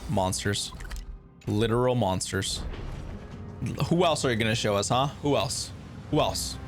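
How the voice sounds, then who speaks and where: A man streaming a reaction to a game, talking casually with animated, exasperated outbursts. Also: lowish voice, a little slow, over music.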